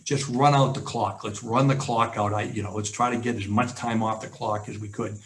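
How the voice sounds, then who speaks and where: A man's voice: lowish voice, poor audio. A man, a former football coach, telling a story in a seminar over a video call, in a conversational way with many fillers. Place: home office on a video call. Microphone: video call mic.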